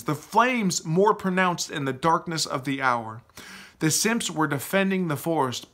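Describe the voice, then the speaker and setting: A man reading his own novel aloud as an audiobook narrator, with an expressive, animated delivery. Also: a little high.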